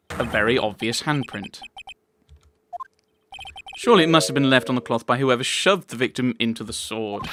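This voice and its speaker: A man playing through a courtroom game, reading the characters' lines aloud in his own voice and ranting about the plot. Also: mid-range voice. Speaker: let's player. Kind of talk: commentary while reading game dialogue aloud. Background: game music.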